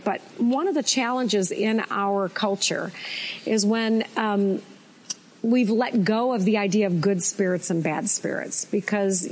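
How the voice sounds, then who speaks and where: An American woman co-hosting a faith talk show, teaching in a casual, folksy, animated way. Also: mid-range voice, low-quality recording. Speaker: co-host teaching faith and personality types.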